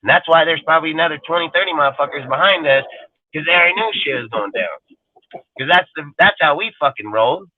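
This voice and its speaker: Over phone-quality audio, a man with a high-sitting, animated voice hosts a live fan show at a quick pace. He rants aggressively and casually, swearing constantly and mockingly mimicking people.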